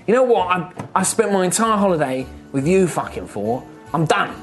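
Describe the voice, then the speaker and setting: A man's voice: high-pitched, sing-song, normal speed, soft background music. A man putting on a foul-mouthed ranting movie star. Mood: fed up. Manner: gruff, swearing, ranting.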